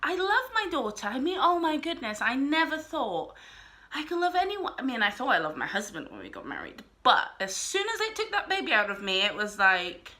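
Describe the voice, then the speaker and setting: A woman's voice: sits high, very animated, brisk, sharp tone. A young woman vlogger talking casually to camera, earnest and a little rambling.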